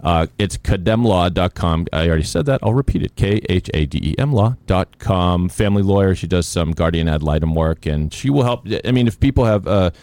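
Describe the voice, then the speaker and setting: Deep-voiced man hosting a podcast. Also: a little fast, hardly any pauses, dry recording. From Boston. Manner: jokey, animated storyteller who hams up quoted voices. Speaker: podcast host. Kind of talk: casual podcast chat. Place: podcast studio. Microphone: studio microphone.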